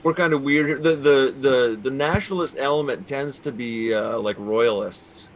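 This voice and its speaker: A man's voice: mid-range voice, moderate pace, a little hiss or hum. A Canadian man co-hosting a podcast, talking in a rambling way with many restarts. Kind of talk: casual podcast banter.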